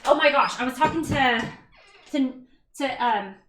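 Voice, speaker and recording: A woman's voice: high voice, unhurried, a bit bright, a little hiss or hum, poor audio. A woman hosting a casual cooking livestream from her home kitchen, chatty and bubbly, reading viewer comments and talking to her toddler. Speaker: cooking stream host and mother.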